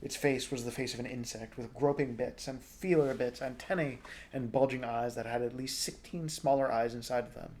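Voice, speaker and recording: Relaxed man reading a story aloud. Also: mid-range voice, normal speed, a little hiss or hum. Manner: relaxed, informal, jokes at stumbles. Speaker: storybook reader.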